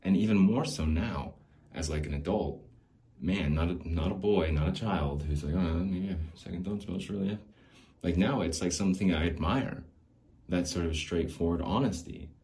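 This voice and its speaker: A man's voice: low voice, moderate pace, a little mellow. A man hosting a podcast, talking alone in a loose, rambling way, with lots of restarts, casual swearing and laughs between thoughts. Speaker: podcast host.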